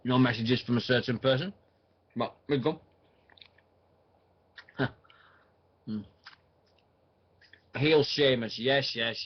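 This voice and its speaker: A man's voice: mid-range voice, highs cut off. A man hosting a casual online radio show, rambling and thinking aloud with plenty of fillers.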